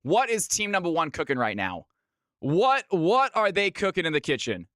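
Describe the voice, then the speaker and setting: A bright, forceful male voice sits a little high for a man and runs a chatty, upbeat live play-by-play. He is close on a streaming mic in a dry, dead-sounding space. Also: big pitch swings, normal speed, no room sound. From California. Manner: upbeat, chatty, talks straight to chat. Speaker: streamer and game caster. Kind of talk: live esports play-by-play commentary.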